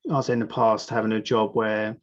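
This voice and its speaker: A man hosting a casual interview and chatting in a relaxed, conversational way. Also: lowish voice, normal speed. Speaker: host. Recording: dull lo-fi sound.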